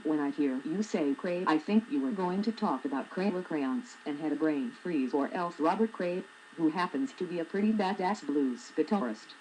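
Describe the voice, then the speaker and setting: A woman's voice: deep voice, expressive, moderate pace, hardly any pauses, dark tone, slight background noise, rough recording. A woman in her forties, a blogger reading her own humorous essay aloud with a wry, sarcastic manner. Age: 40s.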